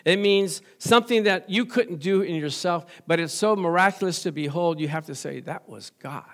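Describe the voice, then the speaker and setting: A middle-aged man preaching with a fairly high voice. He keeps the sermon folksy and light, cracking jokes and calling out for amens from the pews. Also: normal speed, a bit bright. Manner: folksy, joking, asks the congregation for amens. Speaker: pastor.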